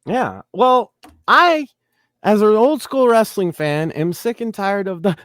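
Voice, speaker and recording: Male co-host, fairly high voice, opinionated and ranting, casual show chat. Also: lively intonation, slow, fairly bright tone, no room sound, clean studio sound. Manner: opinionated, ranting, mocking quotes. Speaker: podcast co-host.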